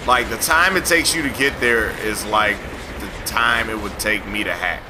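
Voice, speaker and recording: A man's voice: on the low side, normal speed, noisy background. A man hosting a let's play, rambling, teasing and talking back to the game as he plays. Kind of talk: joking gameplay commentary.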